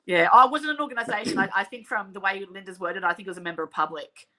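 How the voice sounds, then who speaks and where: An Australian woman hosting a casual chat, talking in an animated way and often trailing off mid-sentence. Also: mid-range voice, rapid-fire. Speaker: host.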